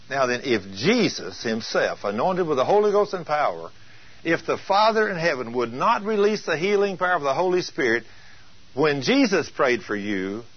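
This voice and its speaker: Husky preacher man, emphatic. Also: on the high side. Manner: emphatic, rhetorical questions. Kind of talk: teaching sermon. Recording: dull lo-fi recording.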